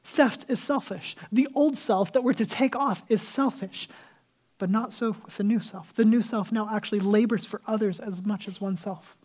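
A man's voice: high-pitched, normal speed, darkish tone. A male pastor preaching a sermon in a casual, conversational way, acting out the people he quotes and dropping to a whisper for emphasis.

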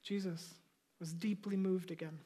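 A male pastor preaches in a high voice for a man. He tells the story in a conversational way, then drives his points home loudly and with emphasis. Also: fairly even intonation, measured pace, slightly rough. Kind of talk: sermon.

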